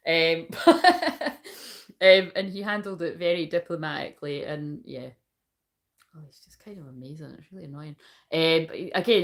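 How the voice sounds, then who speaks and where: Rambling, sweary woman reading tarot. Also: low voice. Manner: rambling, swears freely, laughs often. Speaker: tarot reader. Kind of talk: casual live tarot reading.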